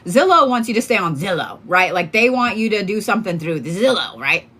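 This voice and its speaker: Very animated and brisk, this woman speaks with a bright, forceful, medium-pitched voice. She's an Oklahoma tarot reader chatting loosely on a livestream, swearing freely and filling her candid stories with fillers.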